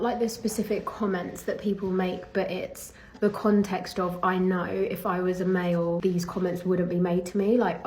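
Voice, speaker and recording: A woman's voice: lowish voice, a little mellow, a little hiss or hum. A young woman with an English accent, a professional golfer, talking casually to camera in a vlog rant. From England. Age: young adult.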